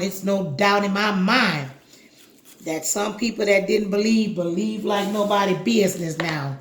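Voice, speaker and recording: Slow, chatty woman teaching cooking. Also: medium pitch, roomy sound, a little hiss or hum. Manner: chatty and instructive, talks straight to the viewer. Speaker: cooking video host. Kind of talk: casual cooking demonstration.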